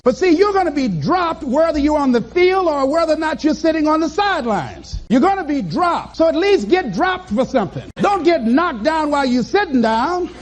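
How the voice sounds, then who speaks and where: A man with a very high, swooping voice delivers a motivational speech to a live crowd. He hammers home short commands again and again and slips into little acted-out scenes, preachy and emphatic throughout. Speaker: motivational speaker.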